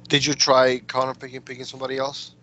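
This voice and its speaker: Bright-voiced man asking quick questions. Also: medium pitch, completely flat delivery. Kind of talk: casual gaming podcast chat.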